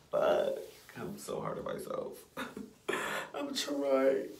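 A man's voice: fairly low pitch, reverberant, slight background noise. Profane young man pepping himself up. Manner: blunt, profane self-pep talk, repeats phrases. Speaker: vlogger. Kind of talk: casual self-talk rant.

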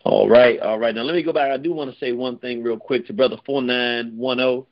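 A man hosting a heated call-in radio show, talking loudly and emphatically, close to yelling. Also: mid-range voice, fairly even intonation, a little fast, muffled recording. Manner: loud, emphatic, near yelling.

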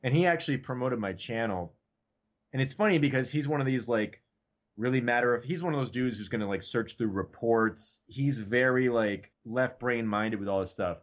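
A man's voice: medium pitch, moderate pace, muffled recording. A man in casual podcast chat as a guest, talking loosely and profanely and leaning on "like" and "you know what I mean.".

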